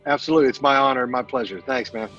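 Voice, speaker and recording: A veteran man in a casual interview, speaking earnestly and haltingly with many fillers and repeated words. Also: medium pitch, a bit bright, dull audio, soft background music. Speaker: military veteran guest.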